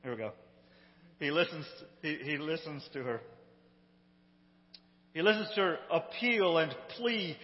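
Man, high voice, animated storyteller, echoey dull phone recording. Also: a little slow, long pauses. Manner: animated, amused, conversational. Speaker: storyteller retelling a sitcom episode. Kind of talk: casual spoken retelling. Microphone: handheld phone.

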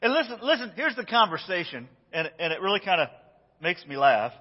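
High-voiced pastor preaching in a reverberant church. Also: male voice, very animated, a little fast, husky. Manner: storytelling, acts out quotes, chuckles often. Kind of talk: sermon. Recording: dull sound with long church reverb.

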